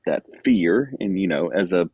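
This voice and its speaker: A man's voice: low voice, animated, unhurried, darkish tone, slightly rough, no room sound, dull audio. A man guest on a podcast, talking casually with lots of fillers and self-deprecating asides. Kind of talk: casual chat.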